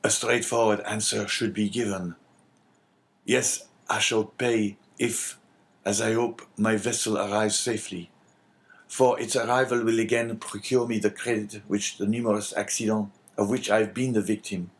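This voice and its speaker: A proud old merchant at the end of his luck speaks gravely and with quiet sorrow, as a male audiobook reader puts him on. The voice is fairly low and steady, resigned rather than loud. It is a storybook reading, plainly told. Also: moderate pace, natural voice. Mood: mournful. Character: older male merchant facing ruin, dignified and mournful.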